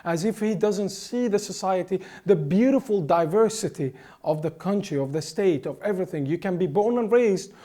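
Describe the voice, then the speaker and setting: A man from the Middle East speaks as an interview guest, emphatic and impassioned, circling back with repeated words and restarts. His voice sits fairly high yet sounds dark and mellow. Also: lively intonation, moderate pace, few pauses. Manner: emphatic, with frequent restarts and repetitions. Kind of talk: impassioned political commentary.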